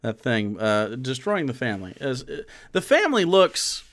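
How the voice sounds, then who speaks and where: A man's voice: mid-range voice, sing-song, moderate pace, a bit bright. A man in his thirties streaming live, commenting casually on a video and rambling in an incredulous way with many fillers and restarts.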